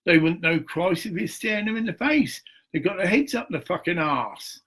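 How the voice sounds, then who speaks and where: A middle-aged man talking in a rambling, crude monologue, swearing and laughing often, with a husky voice. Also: high-pitched, lively intonation, normal speed, fairly bright tone.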